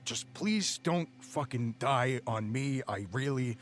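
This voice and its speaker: A man's voice: mid-range voice, expressive, takes it slowly, pitched below the performer's own voice. A man doing Lou, a fretful inept thug. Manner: pleading, fretful, rambling. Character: nervous inept male thug kidnapper.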